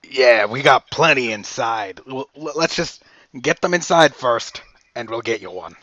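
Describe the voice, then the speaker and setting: A man's voice: mid-range voice, animated, unhurried, bright, forceful tone, dry recording. A man playing a helpful young ball player in a tabletop game, easygoing and reassuring. The voice sits mid-range and sounds a little muffled, recorded in a dry room.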